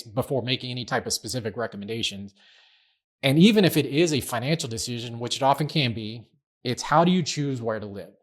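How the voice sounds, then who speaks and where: A middle-aged man hosting a podcast, talking in a chatty, self-deprecating way. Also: medium pitch. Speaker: podcast host. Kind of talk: casual podcast chat.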